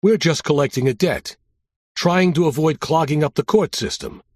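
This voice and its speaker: A man doing a gruff Brooklyn mobster. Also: on the high side, moderate pace, no echo, clean studio sound, pitched above the performer's own voice, lightly acted. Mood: wary. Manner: tough street talk, irked.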